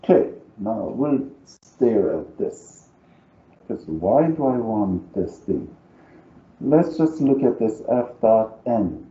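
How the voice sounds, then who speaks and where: This math teacher, who has a non-native English accent, lectures on calculus live, working problems out loud and urging students to agree. His voice is fairly low and dark, sing-song and slow, captured in a roomy, dull lo-fi recording.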